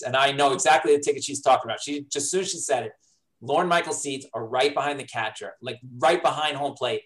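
A middle-aged man spins a casual backstage story at a conversational pitch. He talks in an animated way, jumping up in pitch when he acts out what others said. His tone is relaxed and chatty, like a comedian on a podcast. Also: quick pace, rough recording. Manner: animated, acts out quoted dialogue.

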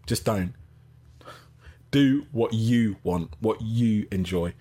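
A middle-aged man hosting a casual live-stream podcast, reading out chat and giving shout-outs. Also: fairly low pitch, slow pace, breathy edge. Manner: chatty, gives shout-outs, laughs easily.

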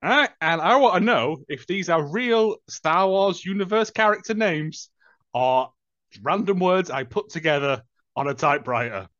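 A man's voice: high voice, expressive, a little slow, fairly bright tone, no echo, highs cut off. A man co-hosting a casual podcast, teasing and joking in banter. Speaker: podcast co-host. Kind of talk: casual chat.

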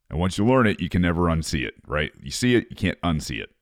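A man's voice: sits low, big pitch swings, quick pace, hardly any pauses, no echo, studio quality. A man, a former Marine, reading an article aloud and ranting over it in a profane, sarcastic casual monologue.

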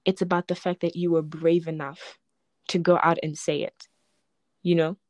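A woman's voice: low voice, moderate pace, dry recording. A young woman, a poet telling her story in a casual interview and acting out the people she quotes. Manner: animated, acts out quoted voices, frequent "like" and laughter.

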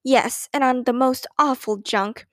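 A woman's voice: high-pitched, unhurried, no room sound, studio quality. A woman voicing a playful grown-up aunt who recalls childhood mischief in a storybook reading. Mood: amused.

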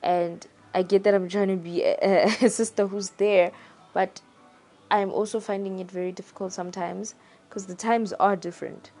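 A young woman talking in a casual, reflective monologue, thoughtful and pausing to search for her words. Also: medium pitch, flat delivery, darkish tone.

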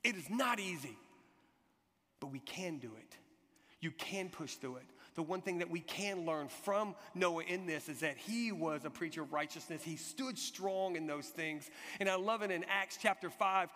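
A man preaching a sermon, telling an animated personal story and acting out the people in it. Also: high voice, normal speed, few pauses. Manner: animated storytelling, shouts acted quotes. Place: church hall. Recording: long hall reverb.

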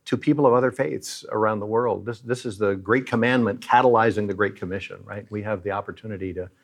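A man's voice: fairly low pitch, fast, gravelly. A middle-aged man who leads a Christian aid charity, speaking earnestly and like a preacher as he tells moving stories in an interview.

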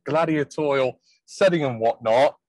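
A man's voice: medium pitch, moderate pace, a little mellow, no room sound, rough recording. A British man co-hosting a casual chat, rambling and joking, now and then slipping into mock accents. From Britain. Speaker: podcast co-host.

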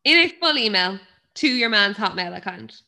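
Bright-voiced Irish woman telling stories. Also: mid-range voice, animated, normal speed, slight background noise. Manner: chatty storyteller, swears freely. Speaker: podcast co-host. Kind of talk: casual chat.

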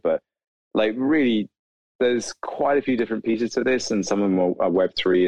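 A man, a video creator, talking casually in an interview with many "like" fillers and animated asides. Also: low voice, no echo, rough recording. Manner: rambling, animated, lots of "like" fillers.

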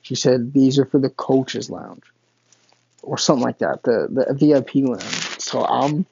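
A man's voice: mid-range voice, normal speed, gravelly, darkish tone, lo-fi sound, slight background noise. A man, casually telling a personal story, swearing often and stumbling over restarts. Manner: profane, rambling, frequent restarts and stammers.

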